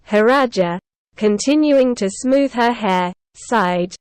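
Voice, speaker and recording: Smooth-voiced woman narrating a story. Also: medium pitch, a little slow, darkish tone, dry recording. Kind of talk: scripted narration of a novel for English learners.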